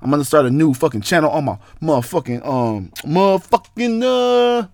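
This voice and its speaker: A man's voice: fast, no room sound, studio quality. A young man hosting a casual podcast, ranting in a rambling, profane way. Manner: profane, rambling, jumpy pitch. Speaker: podcast host. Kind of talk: casual rant monologue.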